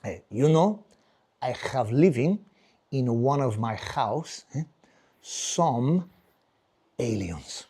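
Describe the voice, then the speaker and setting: A man putting on the voice of his older Spanish father in a stand-up set, with a thick Spanish accent and a slow, deep drawl. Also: lively intonation, mellow, breathy edge. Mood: confiding.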